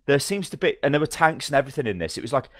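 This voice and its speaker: A man co-hosting a podcast, telling game stories in a fast, animated, swearing manner. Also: mid-range voice, dry recording, clean studio sound. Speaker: podcast co-host. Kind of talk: casual gaming chat.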